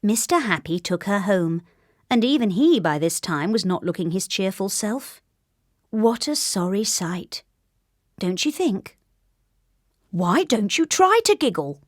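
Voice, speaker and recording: A woman narrating a children's storybook at an unhurried pace. Her voice is gentle and expressive, with a lively melody. The sound is close and dry. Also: medium pitch, no room sound.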